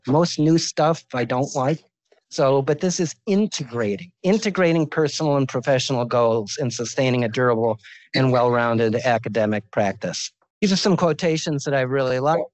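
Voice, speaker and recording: A man's voice: medium pitch, no room sound, rough recording. A man in his sixties giving a medical lecture as a visiting professor, informal and joking, telling stories from his career.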